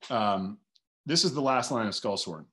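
A man's voice: on the low side, expressive, moderate pace, bright, forceful tone. A man, a guest author talking casually and animatedly in an interview, thinking aloud with lots of filler words.

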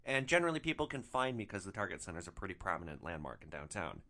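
A man hosting a podcast, telling profane stories in a lively storytelling manner. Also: deep voice, rapid-fire. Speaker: podcast host.

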